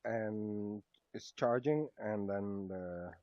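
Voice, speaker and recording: A man casually demonstrating a gadget, talking haltingly, repeating words as he tries things out live. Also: lowish voice, no echo. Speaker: product reviewer. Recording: dull lo-fi sound.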